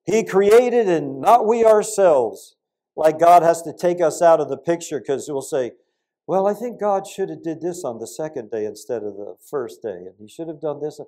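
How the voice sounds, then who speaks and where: Older man, preacher, sermon, mellow tone, fairly high voice, loud bursts and soft asides. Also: moderate pace. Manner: animated storytelling with sudden loud peaks and quiet asides.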